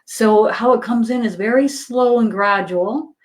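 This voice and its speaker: A woman's voice: fairly high pitch, measured pace. A woman medium talks in a loose, conversational way on a livestream. She fills her sentences with ums and likes, and she laughs easily between thoughts. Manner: chatty, laughs often, many fillers. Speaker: psychic medium. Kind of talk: casual livestream reading.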